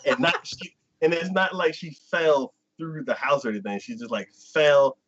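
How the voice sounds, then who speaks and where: A man's voice: a little high, expressive, normal speed, a bit bright, highs cut off, a little hiss or hum. A man co-hosting a casual chat, recapping a plot in a rambling way full of "like" and "um". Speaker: co-host.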